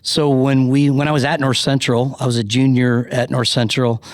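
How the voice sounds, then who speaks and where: A middle-aged man, a pastor, telling a personal story on a podcast with quick asides and self-deprecating humor. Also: mid-range voice, little pitch movement, dry recording. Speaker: founding pastor, guest.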